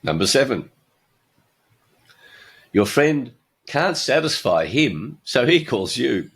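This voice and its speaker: A man's voice: medium pitch, very animated, slow pace, fairly bright tone. An older man hosting his own podcast, telling jokes and giving blunt opinions with a chuckle. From Australia. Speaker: podcast host.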